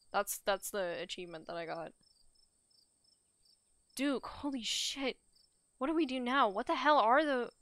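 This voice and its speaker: A woman's voice: medium pitch, fairly bright tone, no echo. A woman streamer narrating and reacting to a story game, laughing and swearing as she goes. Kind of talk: let's-play commentary and narration.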